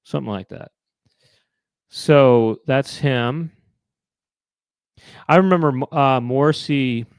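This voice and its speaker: A man's voice: mid-range voice, slow pace, long pauses, clean tone, no room sound, clean studio sound. A man hosting a live online chat show, musing aloud to viewers in a rambling way, with many fillers and restarts. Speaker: host.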